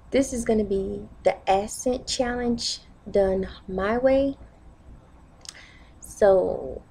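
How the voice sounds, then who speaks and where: Slow, creaky-voiced chatty woman vlogger. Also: mid-range voice, a little mellow. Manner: chatty, upbeat, keeps asking viewers "okay?". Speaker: vlogger host. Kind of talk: casual chat to camera.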